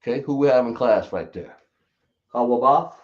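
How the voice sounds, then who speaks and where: A man teaching a class, slowly spelling out sounds and quizzing his students. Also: medium pitch. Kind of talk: classroom lesson. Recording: roomy, dull lo-fi sound.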